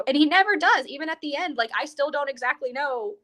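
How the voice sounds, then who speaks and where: A woman's voice: high voice, expressive, fast, a bit bright. A woman co-hosting a podcast, chatting casually about a film with lots of laughs, acting out characters' lines. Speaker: podcast co-host. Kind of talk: casual film review chat.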